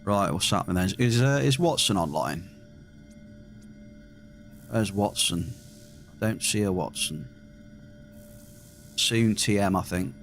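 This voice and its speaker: A man's voice: on the low side, slow pace, long pauses. Guy streaming a game, dry teasing banter with chat, faint music behind. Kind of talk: casual live-stream chat with viewers.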